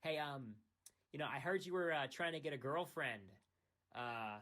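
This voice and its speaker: Speaking into his phone late at night, a young adult man from the US rambles in a teasing, self-deprecating monologue. His voice is slightly high and fairly bright, at an ordinary speed.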